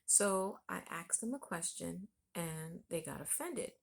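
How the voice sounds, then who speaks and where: A woman vlogger telling a personal story in a relaxed, conversational way. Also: on the low side, measured pace, creaky. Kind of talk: storytelling vlog.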